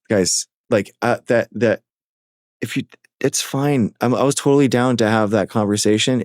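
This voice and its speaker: A man's voice: fairly low pitch, a little mellow, no echo, clean studio sound. A man hosting a live call-in stream, talking casually with callers, often stumbling and repeating words. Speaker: livestream host taking callers.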